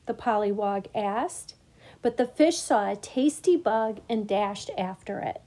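A woman reads a children's picture book aloud in a gentle, measured storytelling manner. Her voice is medium-pitched and animated.

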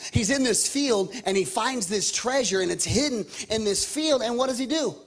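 A man in his thirties preaches with a high, husky voice. He talks in an animated way, doubles back on his words and keeps calling out to the congregation for a response. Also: normal speed. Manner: animated, repetitive, calls out to the congregation. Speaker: pastor. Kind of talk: sermon.

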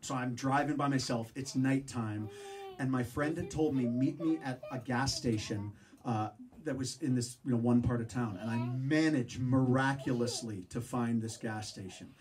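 A man telling stories to a live audience in an animated, profane spoken-word style, acting out voices with sudden shouts. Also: medium pitch, normal speed. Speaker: speaker at a show. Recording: distant mic with background noise.

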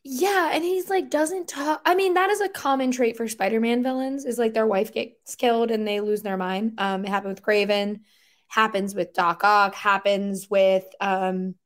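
Animated chatty woman, higher voice. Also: moderate pace. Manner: animated, rambling, lots of "like" fillers; incredulous outbursts. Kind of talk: casual podcast chat.

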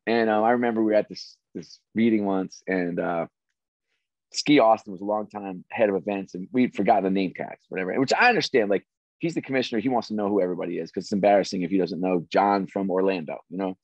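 A middle-aged man, a former sports executive, telling stories as an interview guest in an animated, restarting way. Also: sits low, fast, no echo. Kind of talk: casual interview storytelling. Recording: dry, slightly dull audio.

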